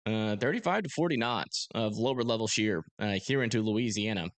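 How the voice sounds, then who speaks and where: A young man hosting a live storm-tracking stream, talking casually and haltingly with many fillers as he reads radar. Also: on the low side, lively intonation, no room sound. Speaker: storm-tracking livestream host. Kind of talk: live weather commentary.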